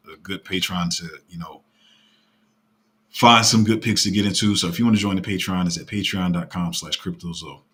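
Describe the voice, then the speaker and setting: A man hosting a casual live stream about his paid crypto group, talking in a fairly flat, even tone and rambling with restarts. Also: deep voice. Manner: rambling, with many fillers and restarts.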